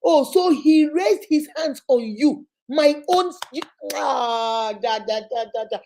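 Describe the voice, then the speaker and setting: Animated woman giving relationship advice. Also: high-pitched, a little slow, slight background noise. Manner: animated, preachy, acts out people in her stories. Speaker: relationship counselor. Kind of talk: storytelling advice talk.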